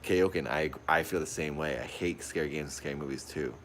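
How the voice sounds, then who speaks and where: A man livestreaming a horror game from a dark room at home, jumpy and easily frightened, repeating his exclamations over and over while recording on a phone. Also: a bass voice, fairly quick, slight background noise. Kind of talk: live gameplay commentary. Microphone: phone pointed at the TV.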